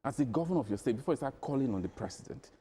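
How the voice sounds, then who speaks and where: A man speaking as a guest on a news panel, measured at first and then building to pointed questions. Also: mid-range voice, expressive, dark tone, a little hiss or hum. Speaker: studio guest commentator.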